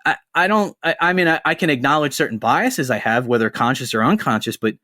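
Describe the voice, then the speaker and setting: A man hosting a podcast, telling stories in a casual, animated, profane way. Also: mid-range voice, brisk, no echo, studio quality. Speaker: podcast host. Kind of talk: casual chat.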